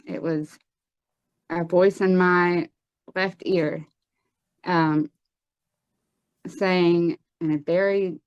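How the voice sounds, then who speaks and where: A woman giving a personal testimony in an interview, earnest and halting, with frequent pauses and restarts. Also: lowish voice, steady tone, smooth, no room sound, dull audio. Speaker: guest telling her life story.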